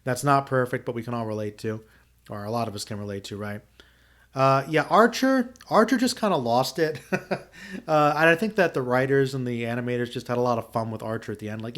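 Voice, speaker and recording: A man in his thirties talks through his thoughts in a loose, rambling way. He restarts his sentences and fills the gaps with "uh" as he reflects, and his voice sits at an ordinary, middle pitch. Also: brisk, fairly bright tone. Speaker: podcast host. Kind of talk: casual spoken review.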